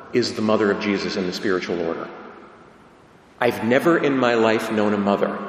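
Man preaching in an echoey hall. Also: lowish voice. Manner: emphatic, conversational, asks rhetorical questions. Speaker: Catholic preacher. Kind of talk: sermon. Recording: echoey hall with long reverb.

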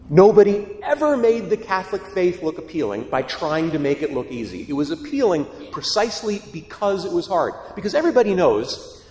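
A man preaching a sermon in an animated, storytelling way, with acted quotes. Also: high voice, slight background noise. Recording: echoey hall, long reverb.

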